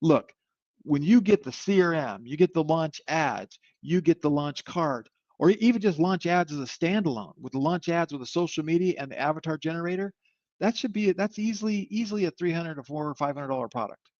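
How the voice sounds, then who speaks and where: Salesy guy walking people through a software demo live, kinda rambly, dull dry computer mic. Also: on the high side, animated, fairly quick, no room sound. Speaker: webinar host demoing software. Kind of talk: live online product demo. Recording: slightly muffled dry audio.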